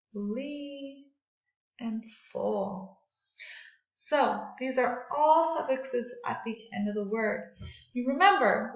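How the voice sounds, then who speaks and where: A woman teaching a recorded grammar and phonics lesson to second graders, speaking slowly and clearly and leading the class through call-and-response drills. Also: a little high, a bit bright. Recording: echoey room, dull lo-fi sound.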